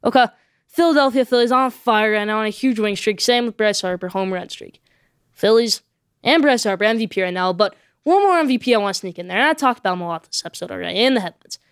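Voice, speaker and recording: A woman hosting a solo sports podcast, giving excitable, emphatic opinions and driving each point home with a repeated "okay?". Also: mid-range voice, fast, clean tone, no echo, studio quality.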